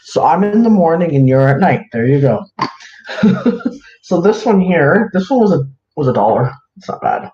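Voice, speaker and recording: A man's voice: a little high, sing-song, moderate pace, dark tone. A man chatting casually on a livestream, rambling with lots of fillers as he shows his crafts to viewers. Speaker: live-streaming craft seller. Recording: roomy, dull lo-fi, faint hiss.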